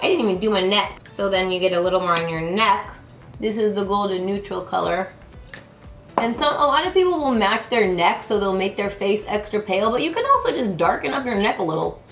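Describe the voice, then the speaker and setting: Woman beauty vlogger, bubbly, chatty, roomy echo, faint music behind. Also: mid-range voice. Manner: chatty, bubbly, talks to viewers while applying makeup. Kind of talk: casual makeup tutorial.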